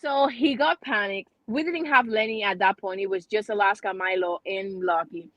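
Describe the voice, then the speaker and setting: A woman hosting a casual chat, telling a story with many restarts and pauses. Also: medium pitch, fairly bright tone, no room sound. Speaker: host.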